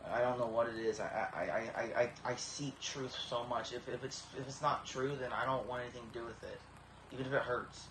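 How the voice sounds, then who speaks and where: A man in his thirties speaks in a flat, narrow-pitched voice, stumbling over repeated starts as he gives an earnest, tearful personal testimony. The room is echoey, with a faint hiss behind him. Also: brisk. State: tearful, emotional. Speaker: vlogger.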